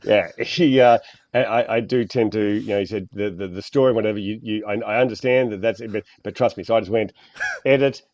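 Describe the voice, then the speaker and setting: A middle-aged Australian man with a fairly low voice, rambling through a casual podcast chat. He stops and starts often and swears freely. The sound is dull and lo-fi, with no room echo. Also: fairly even intonation, fairly quick, a little mellow. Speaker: guest author. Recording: dull, dry lo-fi audio.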